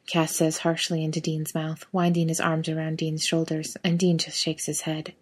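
A woman narrating fiction aloud in a steady, even storytelling manner. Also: low voice, moderate pace, few pauses, slightly rough.

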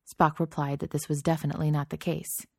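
A woman's voice: deep voice, little pitch movement, a little fast, creaky, slightly rough, no echo, clean studio sound. A woman reading a story aloud in a wry, conversational narrating voice. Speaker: reader. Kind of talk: reading fan fiction aloud.

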